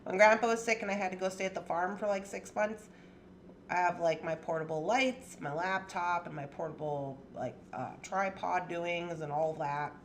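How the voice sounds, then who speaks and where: A woman's voice: fairly low pitch, moderate pace, a little hiss or hum. A woman hosting a casual jewelry-making livestream from her home craft space, chatty and playful, laughing often. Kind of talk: casual chat.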